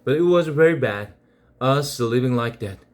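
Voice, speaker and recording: A man's voice: mid-range voice, animated, moderate pace, lightly acted. Man voicing a stern, preachy nanny. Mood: earnest. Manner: scolding, preachy. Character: stern, devout woman nanny scolding boys.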